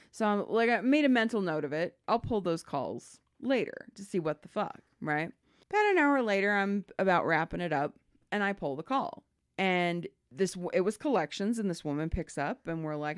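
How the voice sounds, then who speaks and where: A woman's voice: lowish voice, expressive, moderate pace, clear, resonant tone. A woman co-hosting a podcast, telling a work story in casual chat and swearing freely. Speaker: podcast co-host.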